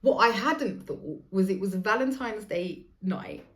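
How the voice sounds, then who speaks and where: A woman talks through her week in a loose, chatty monologue. She swears freely and acts out what other people said, and her voice sits at an ordinary middle pitch. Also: animated, measured pace, a bit bright. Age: 40s. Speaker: podcast host. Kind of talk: casual storytelling monologue.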